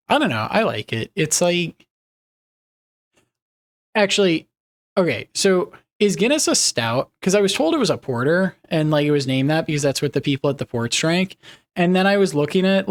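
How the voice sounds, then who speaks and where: Young male streamer, light higher voice, rambly, reads chat aloud, laughs easily. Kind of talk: casual live-stream chat.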